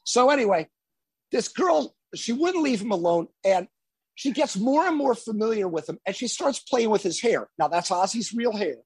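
Husky man telling a lively tour story. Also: sits high, normal speed, no room sound. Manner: animated anecdote telling, lively. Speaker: guest musician. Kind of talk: casual storytelling.

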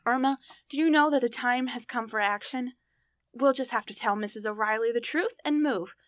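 An actress playing a level-headed, caring young roommate in a 1940s radio sitcom, with a brisk, sensible delivery. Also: female voice, fairly high pitch, dry recording, studio quality, close to an everyday voice.

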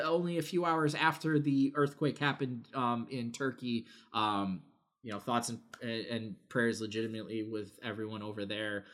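A man's voice: fairly high pitch, pushed and bright. A man co-hosting a gaming podcast, talking casually with lots of fillers and the odd swear word. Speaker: podcast co-host. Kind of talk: casual chat.

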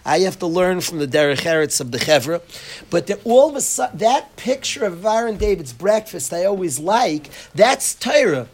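A rabbi teaching at a yeshiva delivers a Torah lecture to his students in a high voice with big pitch swings and a normal speed. He's earnest, repeats his points, and weaves in Hebrew and Yiddish terms.

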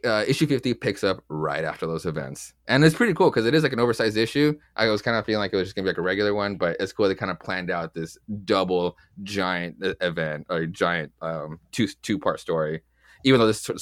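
A man's voice: low-pitched, lively intonation, brisk, dry recording, clean studio sound. Casually swearing man recapping comics. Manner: rambling, loose, swears often, acts out quotes. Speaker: podcast co-host.

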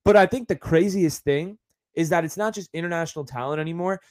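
A man's voice: a little high, a little fast, a little mellow. A man hosting a podcast in a casual, rambling monologue full of fillers and asides. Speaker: podcast host.

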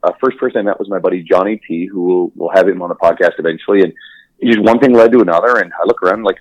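A man co-hosting a podcast in casual chat, enthusiastic and quick to laugh, swearing freely. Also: low voice, no room sound, highs cut off. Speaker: podcast co-host.

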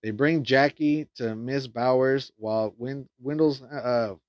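A man's voice: medium pitch, measured pace, no room sound. A man giving a casual plot recap and review of a film, rambling with lots of fillers and restarts and frequent swearing. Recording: dull lo-fi dry sound.

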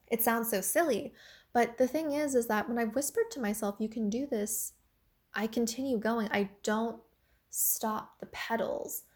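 A young woman with a slightly high voice gives a casual motivational talk about mindset and a creative career. She's chatty, her speech full of "like" and "you know".

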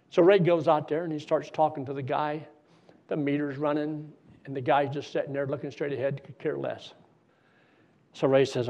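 A man's voice: a little high, fairly even intonation, normal speed, vocal fry, pauses often, a little mellow. A man preaching, telling a story in a folksy, vivid way. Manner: folksy, vivid storyteller with rising and falling intensity. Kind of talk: sermon storytelling. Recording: dull lo-fi recording.

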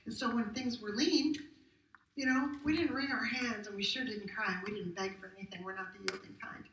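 A woman's voice: mid-range voice, steady tone, brisk, fairly bright tone. A middle-aged woman pastor giving a conversational, emphatic sermon full of rhetorical questions. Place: church sanctuary. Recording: roomy hall captured from a distance.

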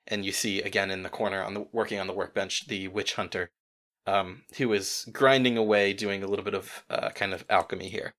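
A man narrating as game master of a tabletop role-playing game, relaxed and chuckling as he tells it. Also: low voice, brisk.

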